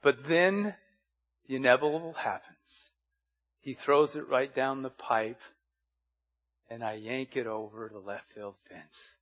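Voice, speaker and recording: A man's voice: mid-range voice, unhurried, pauses often, lo-fi sound. A man preaching a sermon as pastor, earnest and fond of repeated rhetorical questions.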